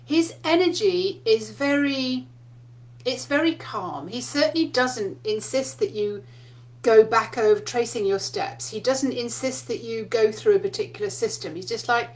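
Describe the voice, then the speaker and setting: Spiritual teacher, a woman with a fairly high voice who talks in a chatty storytelling way. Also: normal speed. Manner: chatty storytelling, laughs often. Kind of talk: casual spiritual talk.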